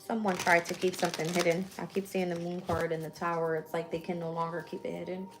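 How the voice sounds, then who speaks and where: Speaking quickly in a lowish, level voice over music, a woman gives a casual tarot reading on a live stream. She's blunt and swears freely, thinking out loud while shuffling and calling out every card.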